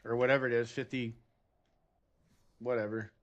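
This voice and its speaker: Man from texas, game streamer, casual chat, mutters and jokes, mid-pitched voice. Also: flat delivery, moderate pace, lo-fi sound. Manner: joking, muttering to himself while playing.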